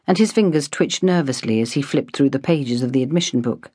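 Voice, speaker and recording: Measured woman reading a novel. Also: a bass voice, lively intonation, dry recording, studio quality. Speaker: audiobook narrator. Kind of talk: scripted narration.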